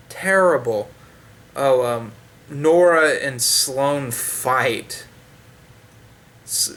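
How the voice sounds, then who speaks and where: A man's voice: mid-range voice, a bit bright. A man giving a sarcastic, profanity-heavy book review in a loose, rambling way, full of fillers and restarts. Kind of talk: ranting casual review.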